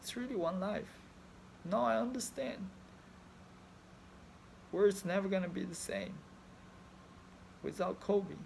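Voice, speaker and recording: A man's voice: sits high, slow pace, gravelly, pauses often, darkish tone, a little hiss or hum. A man in his thirties from China, speaking English with a Chinese accent as a non-native speaker. He talks in an emotional, rambling way about his grief, swearing often and using broken phrasing. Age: 30s. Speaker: fan. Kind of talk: emotional personal vlog.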